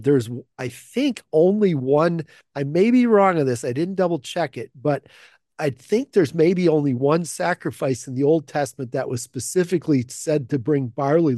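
A man with a slightly higher voice leads a relaxed Bible study, thinking aloud as he goes. He stops often to restart a phrase and asks the group rhetorical questions. The recording is close and dry, with no sense of the room. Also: no echo. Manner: conversational, thinking aloud with frequent fillers and restarts. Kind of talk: informal Bible study teaching.

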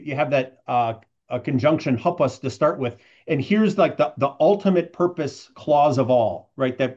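A man's voice: medium pitch, a little mellow, muffled recording. A man giving a conversational verse-by-verse Bible teaching, often checking in with "right?" as he explains. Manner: conversational, tags points with "right?".

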